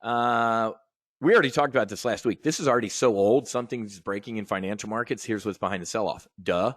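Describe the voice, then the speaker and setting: A man's voice: fairly low pitch, a little fast, fairly bright tone, no room sound, clean studio sound. Blunt, profane man ranting about markets. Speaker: host of a trading brief. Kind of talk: live market commentary rant.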